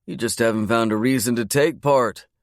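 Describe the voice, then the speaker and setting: Pitching his natural-sounding voice above his own, a man plays a smug, amused young father teasing his brother. The medium-pitched delivery runs at normal speed, with a dry, clean studio recording.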